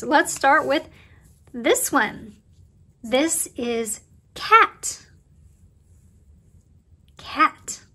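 A woman teaching a preschool circle time lesson, talking to young children in a cheerful, slow and encouraging way. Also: high-pitched, bright, forceful tone.

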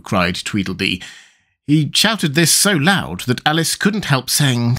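An expressive male audiobook narrator telling a classic storybook. His voice sits in a middle register and ranges widely in pitch, with a lively storytelling manner. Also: a little slow.

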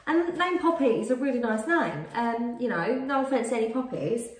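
A woman's voice: fairly high pitch, lively intonation, fairly quick. A woman, chatting casually and giggling as she rambles through a Q&A with her partner. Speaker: YouTube host. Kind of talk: casual couple chat. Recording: echoey room from a distance.

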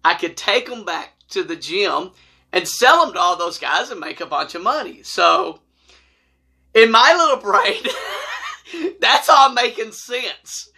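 A man telling a funny personal story to camera, animated and laughing as he acts out the voices. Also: high voice, measured pace, gravelly. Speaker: storytelling vlogger.

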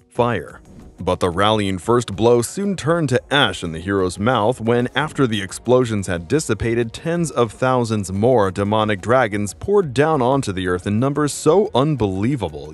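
Male narrator, lower register, dramatic storytelling over a light music bed.

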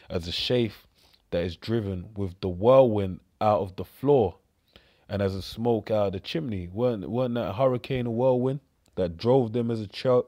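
Male preacher, Cockney accent, low dark voice, rambling scripture talk. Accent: London Cockney. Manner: rambling, repeats words, says "man" and "mate" often. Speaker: street preacher.

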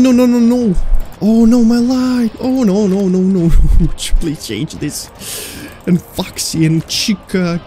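A gamer talks through a horror game in slow, drawn-out phrases with a warm, mellow tone. The speech is jittery and pleading, looping the same words as the monsters close in. Soft game music plays underneath. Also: medium pitch. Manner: panicky, repeats words over and over; pleads with and scolds the game's monsters. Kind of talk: live gameplay commentary.

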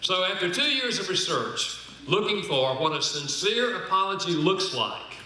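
A man giving a church seminar talk, folksy and humorous, slowing down to stress his points. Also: sits high, sing-song, bright, forceful tone, a little hiss or hum. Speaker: speaker on marriage and apology. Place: large echoing hall. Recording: very echoey hall.

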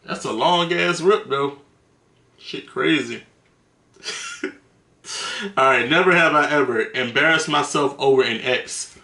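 A man's voice: mid-range voice, measured pace, bright, forceful tone. A man telling stories to the camera in a casual, slangy, profane way, laughing between them. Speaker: vlogger. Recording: roomy echo.

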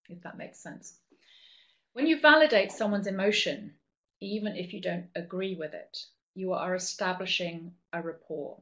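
A middle-aged woman leading a live online training session, talking in a chatty way with frequent ums and quick self-corrections. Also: mid-range voice. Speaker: webinar trainer.

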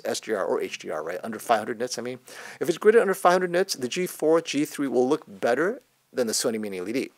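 A man hosting a live tech chat, answering viewer questions in an animated, explanatory way. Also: medium pitch, no echo. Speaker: tech channel host.

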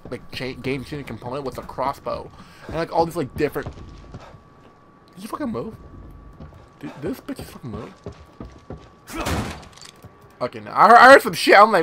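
Excitable, swearing young gamer guy. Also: fairly high pitch, slight background noise. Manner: profane, excitable, rambling. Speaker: gameplay commentator. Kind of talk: casual let's-play commentary.

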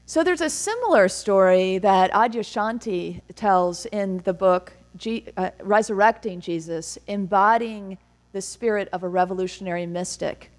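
A woman minister giving an Easter sermon in a church, telling stories and briefly voicing the people in them, with gentle laughs. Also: mid-range voice, moderate pace. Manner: storytelling, acts out quoted lines, gentle laughs. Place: church sanctuary.

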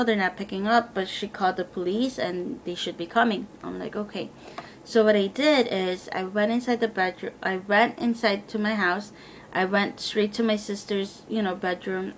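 A woman's voice: medium pitch, a little hiss or hum. A young woman casually telling a personal story to the camera, rambling with lots of fillers and acting out what everyone said. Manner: rambling, filler-heavy retelling with quoted dialogue. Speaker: vlogger.

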